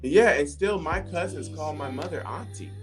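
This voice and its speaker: A man's voice: fairly high pitch, animated, normal speed. Casting: man, 40s, earnest and emotional storyteller, casual chat, music under the voice. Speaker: podcast co-host. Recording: music playing behind.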